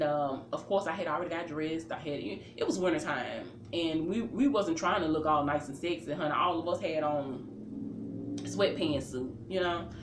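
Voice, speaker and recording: A woman casually telling a personal story. She acts out her own reactions and leans on fillers as she goes. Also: low voice. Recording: roomy with faint ambient noise.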